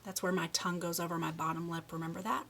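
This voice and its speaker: A woman giving a children's speech lesson, reading a picture book aloud and slowly modeling words for a young child to repeat. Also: fairly low pitch, little pitch movement, fairly bright tone, slight background noise. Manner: slow, encouraging, exaggerates word sounds for a child. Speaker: speech therapist.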